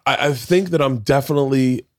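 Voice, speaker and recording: A man's voice: medium pitch, a little fast, dry recording, studio quality. A man in his forties telling a rambling story in casual chat, swearing often and restarting sentences. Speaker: podcast guest, comedian.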